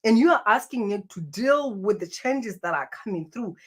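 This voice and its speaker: A woman talks to her viewers as a spiritual coach. Her delivery is earnest and unscripted. She often stumbles and repeats words before her point lands, and her pitch sits in a middle range. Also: lively intonation, normal speed, husky. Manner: earnest, with many restarts and repeated phrases. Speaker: spiritual self-help coach. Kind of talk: spiritual self-help talk to camera.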